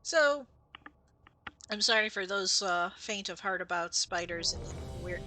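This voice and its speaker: A woman's voice: medium pitch, expressive, measured pace, pushed and bright, faint music behind. A woman streamer giving casual, chatty commentary while she plays, explaining game lore and laughing at her own mistakes.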